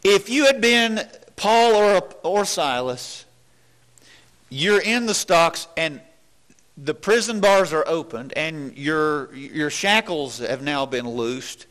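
A man's voice: on the high side, lively intonation, slow pace, fairly bright tone. A man preaching a sermon in an earnest, questioning way, with many restarts.

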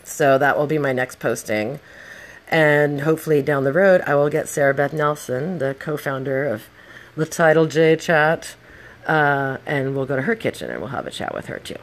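Middle-aged podcast host, casual storyteller, blunt and swears freely, mid-range pitch. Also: normal speed. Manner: blunt and profane, with heated outbursts.

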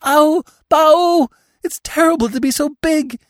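A man's voice: measured pace, dry recording, clean studio sound. Man voicing a shrieking, bleating young doe. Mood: hysterical. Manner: shrill, bleating cries. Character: hysterical young female deer, shrieking. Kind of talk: audiobook narration.

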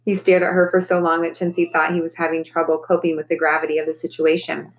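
A woman teacher reading a children's novel aloud to her class in a calm, steady storytelling voice. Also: sits low, fast talker, low-quality recording.

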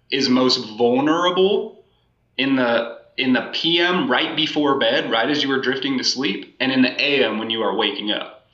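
Earnest guy on a podcast, bright forceful voice, kinda roomy muffled sound. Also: medium pitch. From United States. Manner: earnest, reflective, speaks with emphasis and repeats phrases. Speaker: podcast guest, life coach. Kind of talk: casual podcast conversation.

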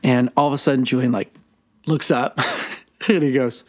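A man in his thirties co-hosts a podcast, casually chatting and telling family stories with lots of animation and frequent laughter. His voice sits in the mid range, and he speaks at a moderate pace.

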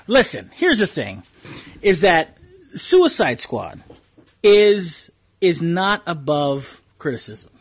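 A man co-hosting a movie chat show, his voice sitting on the high side and swinging widely in pitch. There is a husky edge to it, and he leans into his points by repeating words. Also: big pitch swings, slow pace. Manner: emphatic, repeats words when pressing a point. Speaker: podcast co-host. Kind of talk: casual panel chat about movies.

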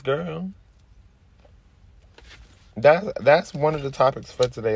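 A man's voice: moderate pace, pauses often, darkish tone. A man, ranting on his podcast in a brash, profane, casual way. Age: 20s. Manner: drops into a low, laid-back murmur while rolling a blunt. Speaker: podcast host. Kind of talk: casual rant.

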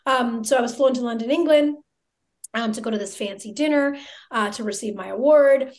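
A woman in her thirties, a podcast guest, telling a story in a chatty, excitable way full of filler words. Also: on the high side, brisk. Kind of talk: casual storytelling.

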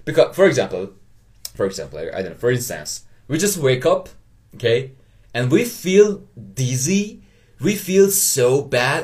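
A man with a Persian accent, a native Persian speaker, hosting a motivational solo podcast in English, earnest and halting, often checking in with "okay?". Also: medium pitch, big pitch swings, darkish tone. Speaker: podcast host.

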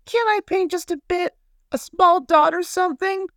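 A man voicing a tiny, timid young paintbrush in a storybook, pleading in a high voice. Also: moderate pace, a bit bright, no room sound, studio quality.

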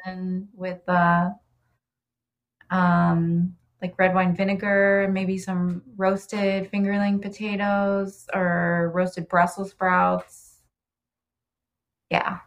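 A woman's voice: fairly low pitch, monotone, slow pace, dull audio. A woman in casual conversation about food, talking with enthusiasm and plenty of fillers. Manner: chatty, enthusiastic, lots of fillers. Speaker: guest. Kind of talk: casual chat.

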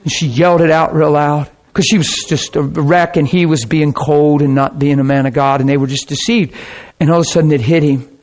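A man's voice: a little high, fairly even intonation, fairly quick, a little mellow. A man preaching a sermon, telling a story with sound effects and asking his listeners questions. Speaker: pastor.

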